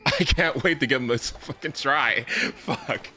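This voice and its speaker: A man's voice: medium pitch, slow, bright, forceful tone. A man streaming a game, chatting casually with a friend over voice chat, stammering, laughing and teasing with frequent swearing.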